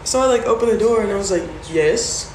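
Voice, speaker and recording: A woman's voice: fairly high pitch, racing, darkish tone. A woman on a phone livestream, casually telling a story, acting out the voices of the people in it and swearing freely. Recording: roomy with background noise.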